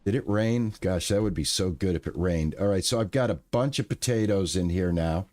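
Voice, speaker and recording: A man chatting casually on a live stream, relaxed and thankful, with lots of fillers and restarts. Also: low-pitched, brisk, no echo.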